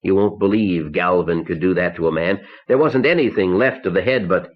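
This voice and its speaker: A man's voice: deep voice, moderate pace. A man reading an audiobook, voicing an anguished, broken man with a cracked, savage voice, on a dull old cassette recording. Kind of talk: audiobook character voice.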